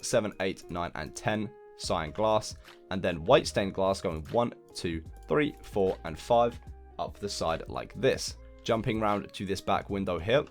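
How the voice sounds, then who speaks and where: A young man with a deep, low voice walks through a building game tutorial in a relaxed, chatty way. He counts blocks aloud and makes light fun of his own skills, with soft music playing faintly under his voice. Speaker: Minecraft building tutorial host. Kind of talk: casual gameplay tutorial commentary.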